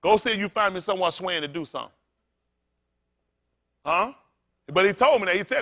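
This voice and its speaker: High-voiced animated preacher man. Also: brisk, pauses often. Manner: loud call-and-response preaching, blunt and profane; animated, often laughing. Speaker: pastor. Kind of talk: sermon.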